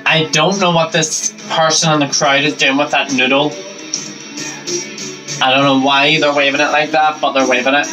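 Loud concert music fills the background of this poor-audio clip, in which a reaction-channel host with a fairly high voice speaks at normal speed with flat delivery. Even so, his commentary on the concert performance is upbeat and enthusiastic.

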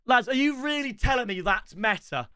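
A young man giving excitable live commentary on a football video game, chatting with his viewers and bursting into shouts. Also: very high-pitched, normal speed, clean tone, no room sound. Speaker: streamer.

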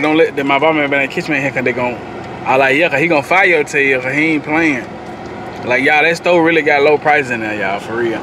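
A man, chatting casually to the camera as a family vlogger, telling stories to his viewers. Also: on the high side. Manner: animated, laughing storyteller addressing viewers as y'all. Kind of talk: casual vlog chat to camera. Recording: noisy background.

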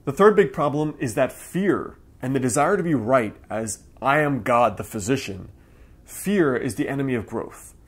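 A man's voice: mid-range voice, lively intonation, moderate pace, few pauses, a little mellow, husky. A man, the acupuncturist who hosts the channel, giving an earnest and emphatic talk straight to camera. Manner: earnest, emphatic, acts out quoted voices.

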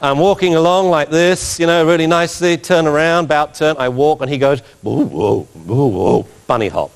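A man giving an animated talk as a dog trainer, telling stories with laughter and mimicked sounds. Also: a little high, fairly quick, smooth, long reverb tail. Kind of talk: animated anecdotal lecture.

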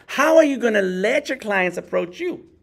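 Speaking at a normal speed, a middle-aged man who works as an artist leads an informal workshop in an animated, creaky voice. He keeps it conversational and imitates others using high, joking voices.

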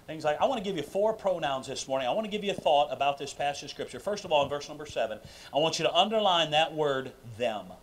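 A man preaching a sermon in a church sanctuary, emphatic and full of questions to the congregation, swinging between loud bursts and quiet asides. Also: fairly high pitch, expressive, quick pace. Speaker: pastor. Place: church sanctuary during a live service.

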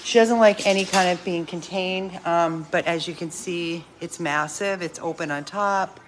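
Slow, chatty dog rescue woman. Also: on the low side, slight background noise. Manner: unhurried, chatty, trails off mid-sentence. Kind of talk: casual vlog chat.

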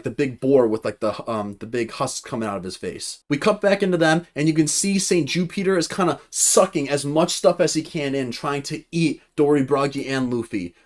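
A man's voice: fairly high pitch, normal speed, few pauses. A young man reviewing a manga chapter in casual commentary, rambling with lots of fillers and restarts. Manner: rambling, many fillers and restarts, reads character lines flatly.

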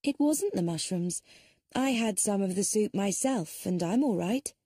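A woman voicing a capable young housekeeper, speaking higher and earnest. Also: animated, a little slow, mellow, husky, dry recording, studio quality.

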